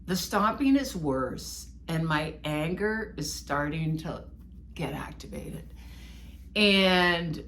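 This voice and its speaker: A woman co-host recounts a personal story in casual chat. Her voice is bright and forceful, and her pitch swings widely as she pokes fun at herself. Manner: animated, self-mocking storyteller. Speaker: podcast co-host.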